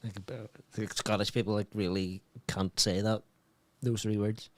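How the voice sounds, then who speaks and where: A man's voice: on the low side, level tone, moderate pace, no echo. A man co-hosting a casual football watchalong, bantering, joking and swearing freely with his friend. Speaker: watchalong co-host.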